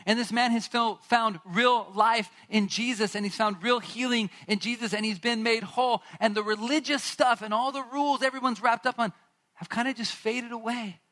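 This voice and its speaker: A man preaching a sermon, retelling a Bible story with animated asides and acted-out lines from its characters. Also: extremely high pitch, normal speed. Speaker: pastor.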